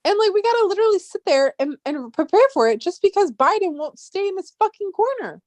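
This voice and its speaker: A woman's voice: very high-pitched, expressive, brisk, hardly any pauses, darkish tone, no echo. A woman vlogger ranting casually and heatedly, swearing often and rambling with restarts.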